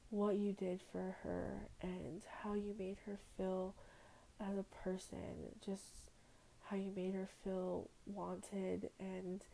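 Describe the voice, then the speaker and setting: A woman's voice: mid-range voice, creaky, warm tone, a little hiss or hum, low-quality recording. A young woman, a before and after care teacher, talking emotionally and reflectively on a podcast, close to tears. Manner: heartfelt, emotional, slow and reflective. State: tearful, near crying. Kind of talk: personal podcast talk.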